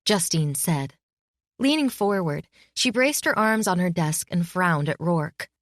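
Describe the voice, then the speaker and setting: A woman reading a novel as an audiobook narrator in a measured, close style. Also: lowish voice, animated, no echo. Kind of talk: scripted narration.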